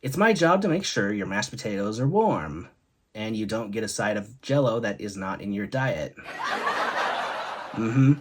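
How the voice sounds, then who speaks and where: A man's voice: on the low side, lively intonation, measured pace. A man hosting a comedy show, telling one joke after another in an upbeat way and leaning on the punchlines. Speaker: host.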